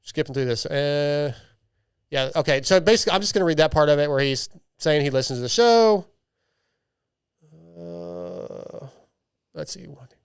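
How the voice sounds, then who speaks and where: A man's voice: fairly high pitch, animated, moderate pace, pauses often, clean tone, dry recording, clean studio sound. A man hosting a podcast, chatting casually and reading listener emails in a loose, joking way with lots of restarts. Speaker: podcast host.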